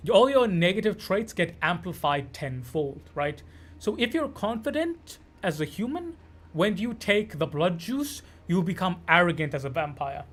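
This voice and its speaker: A man from Canada giving loose, sweary, rambling commentary while streaming a game. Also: high voice. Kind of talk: casual gameplay commentary.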